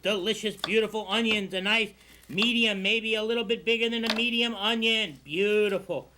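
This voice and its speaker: A man's voice: high-pitched, normal speed, sharp tone, slight background noise. A man hosting a cable TV cooking show in a studio kitchen, talking in a folksy, hammy, exuberant showman way.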